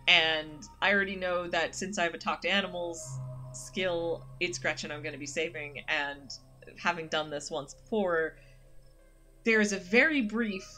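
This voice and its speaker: A woman's voice: deep voice, sharp tone. A woman streamer talking casually and ramblingly about a game she is playing. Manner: rambling, full of fillers.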